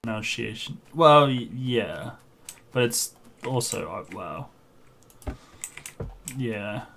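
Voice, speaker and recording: A man's voice: medium pitch, animated, slow pace, creaky, a bit bright. A man streaming a game, chatting casually in a rambling way and laughing at his own stories. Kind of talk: casual chat while gaming.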